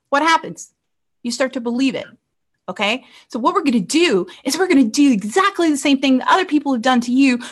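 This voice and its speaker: A woman life coach teaching a casual online class over a computer mic, chatty and quick to laugh, tagging her points with "okay?". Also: a little high, fairly bright tone. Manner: chatty, tags nearly every point with "okay?", laughs easily.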